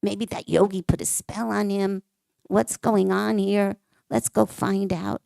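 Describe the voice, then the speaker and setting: A woman's voice: medium pitch, level tone, unhurried, creaky, mellow, no room sound. A woman voicing an anxious, protective young mother within a temple story, speaking in a worried, insistent way.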